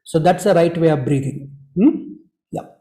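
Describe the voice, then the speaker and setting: Man, high mellow voice, gentle, repetitive, breathwork teacher, echoey room. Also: moderate pace. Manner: gentle, repetitive, fills with "you know". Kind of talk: online group workshop talk.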